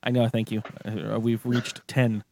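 A man's voice: fairly low pitch, level tone, unhurried, vocal fry, darkish tone, dry recording. A man hosting a casual podcast, rambling, swearing and laughing often. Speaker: podcast host.

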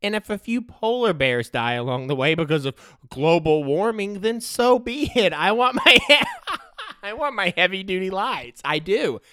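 Guy ranting solo on his podcast, jokey, a bit high-pitched and punchy. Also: very animated, normal speed, few pauses, fairly bright tone, smooth, dry recording. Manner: joking, self-mocking, rambling. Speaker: podcast host. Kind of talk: solo comedic podcast rant. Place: home studio.

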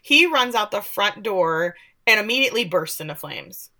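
A woman chatting loosely as she recaps a show, with lively energy and frequent laughs. She drops into the characters' lines as she goes. Her voice sits at a middle pitch. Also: normal speed. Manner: animated, laughing, acts out the lines. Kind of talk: casual chat recapping a show.

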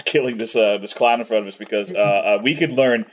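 A man voicing Skidmark, a smooth-talking male peasant adventurer, in a put-on Scottish accent, halting and full of fillers. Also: fairly low pitch, natural voice. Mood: coaxing.

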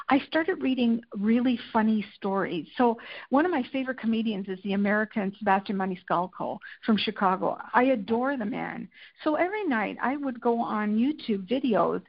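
Animated woman telling her story. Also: a little high, lo-fi sound. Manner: animated, tells anecdotes with acted-out quotes. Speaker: interview guest, lifestyle and food editor. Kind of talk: candid conversational storytelling.

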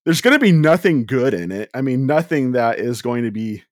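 A man's voice: medium pitch, very animated, normal speed, no room sound. Teasing male co-host, dry sound. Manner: teasing, joking. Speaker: podcast co-host and editor. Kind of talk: casual movie review chat.

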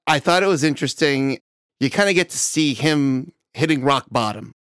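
A man's voice: mid-range voice, animated, moderate pace, a bit bright, clear, resonant tone, dry recording, studio quality. A man hosting a comedy podcast, telling a story with exasperated banter.

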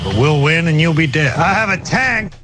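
A gloating villain with a Southern drawl. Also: male voice, fairly high pitch, animated, moderate pace, a bit bright. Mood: taunting. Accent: Southern US, put on by a British actor. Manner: taunting, repetitive threats. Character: menacing villain man, boastful leader with a tank. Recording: noisy clip with vehicle sounds.

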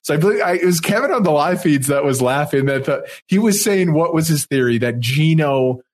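Animated man in casual podcast chat. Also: fairly high pitch. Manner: animated, quick opinions, exclamations. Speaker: podcast co-host.

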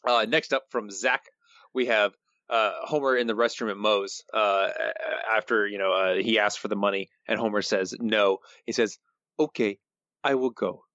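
A man's voice: fairly low pitch, fairly even intonation, moderate pace, pushed and bright, dry recording, highs cut off. A man co-hosting a podcast in casual chat, dry and understated, reading listener quotes. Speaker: podcast co-host.

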